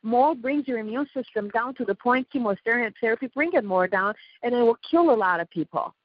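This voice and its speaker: A woman's voice: a little high, expressive, fairly quick, no echo. A woman from Iran, a guest on a talk radio show, talking in an emphatic, rambling way and often interrupting. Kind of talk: talk radio call-in chat. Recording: dull dry lo-fi radio sound.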